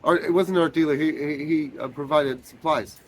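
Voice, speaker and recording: A man being interviewed about his one-man show, telling stories in a relaxed, chatty way with plenty of fillers and little acted-out quotes. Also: fairly high pitch, a little fast. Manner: storytelling, acts out quoted voices, frequent fillers. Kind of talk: casual interview chat.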